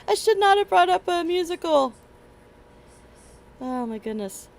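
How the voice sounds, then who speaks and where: A woman's voice: very high voice, animated, unhurried, vocal fry, darkish tone, poor audio. A middle-aged woman streaming a game, chatting in a rambling way and laughing often. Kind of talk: casual chat while gaming. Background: game music.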